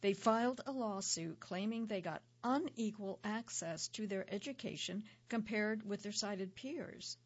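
Husky-voiced woman news reporter. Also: mid-range voice, unhurried, few pauses, lo-fi sound.

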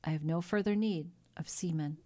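A woman voicing a kindly, ruined older male shipowner who speaks in a gentle, melancholy way in a storybook reading. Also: on the low side, moderate pace, close to an everyday voice. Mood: sad.

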